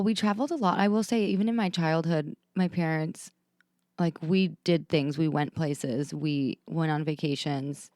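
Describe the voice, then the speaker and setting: A woman co-hosting a podcast, chatting casually, encouraging and quick to laugh. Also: on the low side, no echo, studio quality. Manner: warm and affirming, quick to laugh. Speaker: podcast co-host. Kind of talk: casual chat.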